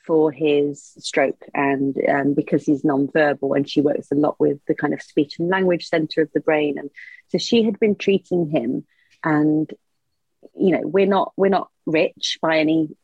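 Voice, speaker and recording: A woman's voice: low-pitched, fairly even intonation, a little slow, darkish tone, slightly rough, dry recording, muffled recording. A woman, a mother, telling a personal story as a podcast guest, earnest and open with a light laugh at times. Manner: earnest, open and emotional, laughs a little through hard memories.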